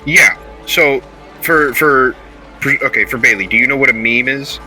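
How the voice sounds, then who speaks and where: A man co-hosting a casual podcast chat, excitable and rambling, swearing and bursting into loud high exclamations. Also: normal speed, faint music behind. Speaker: podcast co-host.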